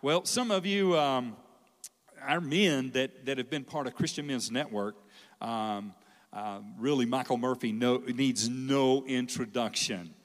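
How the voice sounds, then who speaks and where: Man, mid-pitched voice, pastor, hesitant intro, reverberant hall. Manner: halting, with many fillers and restarts. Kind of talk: introducing a guest speaker. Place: large church hall.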